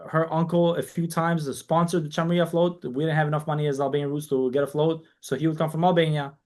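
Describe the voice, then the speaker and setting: A man's voice: a little high, fast. A man who grew up in New York, a guest on a casual podcast interview, telling long stories and quoting people in dialogue. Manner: animated storyteller, quotes people in dialogue, frequent restarts. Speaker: guest, community organization founder.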